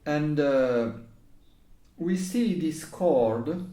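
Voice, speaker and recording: This music lesson comes from a man whose English is non-native and Italian-accented; he shows how to phrase a recorder piece, hesitates at times, and sings passages on syllables. His slightly high, warm voice is expressive and very slow, and the room echoes.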